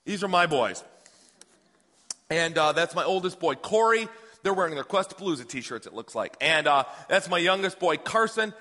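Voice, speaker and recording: A man in his thirties preaching a sermon, telling a personal story with hushed and excited swings. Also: fairly high pitch, normal speed. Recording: long hall reverb.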